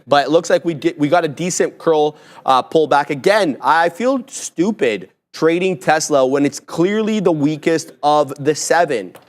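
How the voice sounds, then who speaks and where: A man hosting a live trading stream, talking through his trades and chart levels in brisk, self-mocking banter. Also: fairly high pitch, lively intonation. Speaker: live trading show host. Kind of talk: live market commentary.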